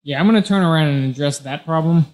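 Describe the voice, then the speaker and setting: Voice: mid-range voice, fast talker, darkish tone. A player describing their character's actions in a playful, casual way. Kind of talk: casual tabletop chat.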